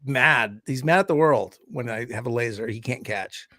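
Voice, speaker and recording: A man's voice: mid-range voice, normal speed, pushed and bright, no room sound, studio quality. A man co-hosting a podcast, chatting loosely and jokingly and swearing casually. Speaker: podcast co-host.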